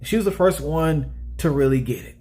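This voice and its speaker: A man's voice: a little high, expressive, normal speed, mellow. A man casually talking through a movie review in a chatty way, often checking in with "all right?".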